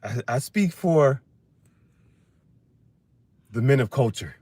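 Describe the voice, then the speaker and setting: A man's voice: mid-range voice, animated, very slow, long pauses, warm tone. A man talking in a loose, rambling chat, laughing often and swearing freely in slangy banter. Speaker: livestream host.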